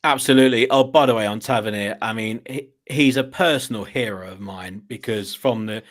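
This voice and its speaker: Chatty, lower-voiced man rambling on a podcast. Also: a little fast. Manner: chatty, rambling, laughs at his own asides. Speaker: podcast guest, broadcaster. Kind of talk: casual podcast chat.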